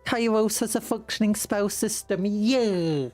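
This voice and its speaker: A woman's voice: mid-range voice, a little slow, darkish tone, faint music behind. A British woman streamer chatting casually, rambling and giggling in a playful way. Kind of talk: casual livestream chat.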